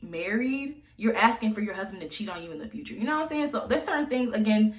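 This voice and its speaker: A woman's voice: mid-range voice, animated, fast. A woman in her twenties telling a story to camera, blunt and profane, chatty and casual. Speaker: vlogger. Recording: echoey room.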